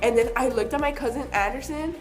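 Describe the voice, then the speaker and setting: A young woman recounts her childhood in a loose, chatty vlog, her voice sitting a bit high. She jumps into little acted-out bits of dialogue as she goes. Soft music plays faintly behind her. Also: fast talker. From Southern California. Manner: chatty, animated, acts out quoted voices. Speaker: vlogger. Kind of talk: casual storytelling.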